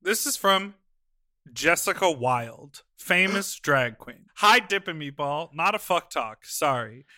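A man co-hosting a podcast in casual chat, animated and laughing often, swearing casually as he talks. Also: a little high, takes it slowly, dry recording, studio quality. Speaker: podcast co-host.

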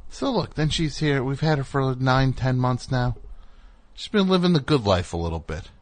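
A man's voice: mid-range voice, expressive, moderate pace. A man hosting a comedic call-in radio show, ranting in a rambling, indignant way.

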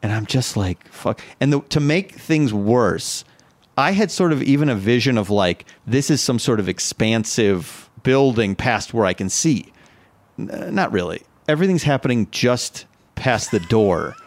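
Animated man telling a funny story. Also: a little slow. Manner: animated, acts out his own quotes in a high panicky voice. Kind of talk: casual storytelling chat.

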